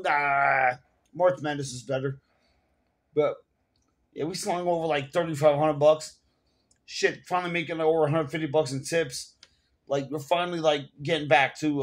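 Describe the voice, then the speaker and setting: A man with a New York accent ranting casually to the camera at home, profane and rambling, full of fillers. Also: a little high. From Bronx, New York. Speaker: vlogger.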